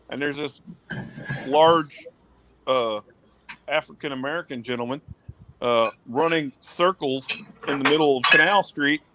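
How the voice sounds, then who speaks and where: A man in his thirties spins a rambling, profane story in a slightly high voice. He bounces through it, acting out the other people's lines as he goes. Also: noisy background. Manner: animated, swearing, acts out quotes. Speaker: guest, former pitcher. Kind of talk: casual storytelling.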